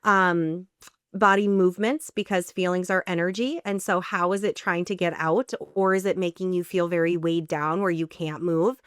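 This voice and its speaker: A woman's voice: on the low side, steady tone, moderate pace, smooth, dry recording, studio quality. A woman parenting coach, a guest on a podcast interview, explaining her method step by step. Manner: explanatory, lays out steps in order.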